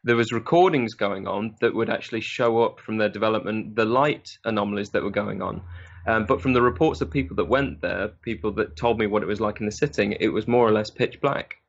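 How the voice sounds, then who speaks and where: A man speaking as a guest on a radio talk show, measured and matter-of-fact. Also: fairly low pitch, lo-fi sound. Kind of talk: casual radio chat.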